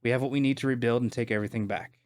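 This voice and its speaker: A man voicing a calm, steady rebel leader from a vision, speaking with assurance. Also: medium pitch, racing, no echo, studio quality, close to an everyday voice. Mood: assured.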